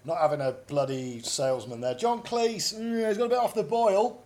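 A man, co-hosting a comedy podcast with mock-serious, deadpan banter. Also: sits high, normal speed.

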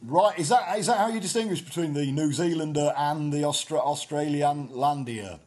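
A man's voice: on the high side, moderate pace, darkish tone. A man with a northern English accent co-hosting a casual comedy chat, rambling and swearing with jokey asides. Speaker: podcast co-host.

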